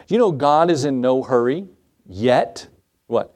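Guy preaching in church, medium pitch, casual and jokey, keeps asking the congregation stuff. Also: lively intonation, measured pace, darkish tone. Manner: conversational, quizzes the congregation, joking asides. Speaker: pastor. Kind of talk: sermon.

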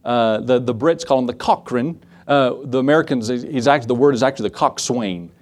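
A man preaching a sermon in a lively, conversational way, with asides to the congregation. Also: fairly quick. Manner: acts out quoted voices with shifts in pitch. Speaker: pastor.

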